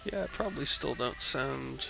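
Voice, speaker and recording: A man's voice: medium pitch, creaky. A man casually talking to himself while he streams a game, muttering offhand remarks as he plays, recorded on a headset mic. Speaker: gamer streaming a playthrough. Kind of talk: casual gameplay commentary. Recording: dull lo-fi headset audio with faint hiss.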